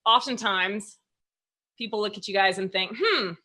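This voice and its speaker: A woman's voice: mid-range voice, moderate pace. A woman hosting a casual interview, telling stories with lots of energy and laughter, acting out her own thoughts. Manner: animated storyteller, laughs often, acts out her own thoughts. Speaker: podcast host.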